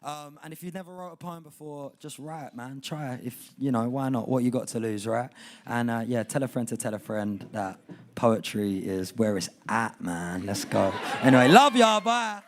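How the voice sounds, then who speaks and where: A man's voice: mid-range voice, expressive, moderate pace. A young man performing spoken word poetry live, chatty and rambling between poems, rhythmic when reciting. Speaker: performing poet. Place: indoor poetry night venue.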